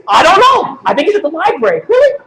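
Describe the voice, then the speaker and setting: A woman's voice: sits high, wildly swooping pitch, fast, fairly bright tone. A woman doing a crude, joking, profane live poetry reading with banter at a coffee shop venue. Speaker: performance poet. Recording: echoey room, noisy live stream.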